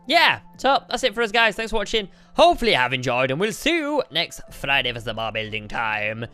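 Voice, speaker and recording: Guy co-hosting a game video, rambling and joking at himself, lively voice, music under. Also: fairly high pitch, brisk. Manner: rambling, self-mocking. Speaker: gaming video co-host. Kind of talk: casual gameplay chat. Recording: light background music.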